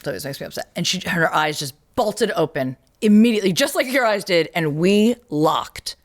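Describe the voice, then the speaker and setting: Animated woman host telling a story. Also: on the low side, moderate pace. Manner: animated storytelling, acts out quoted voices, laughs often. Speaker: podcast host. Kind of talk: casual conversation.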